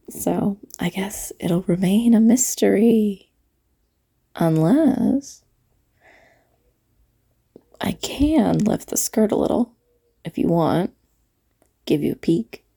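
A woman playing a husky, teasing diner waitress. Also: on the low side, dark tone, exaggerated voice. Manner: teasing, drawn-out, breathy asides. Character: flirty late-night diner waitress, teasing, playful. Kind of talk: audio role-play monologue.

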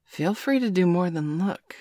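A woman's voice: on the low side, animated, unhurried, warm tone, no echo, studio quality, pitched above the performer's own voice. A woman voicing a brash, dominant woman who is stoned and sweaty at a party, talking crude and laid-back. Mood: playful.

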